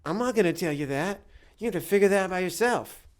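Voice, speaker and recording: A curt, irritated man lectures in a sharply raised, loud voice, put on by a male storyteller. He sounds brusque and impatient, like a comic voice inside a spoken anecdote. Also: sits high, lively intonation, quick pace, pitched above the performer's own voice. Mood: irritated lecturing. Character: curt irritated man guarding his beach.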